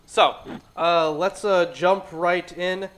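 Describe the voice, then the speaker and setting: A man's voice: high-pitched, fairly even intonation, takes it slowly, background noise. A man co-hosting a casual group discussion, laid-back, laughing often and swearing offhandedly. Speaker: co-host.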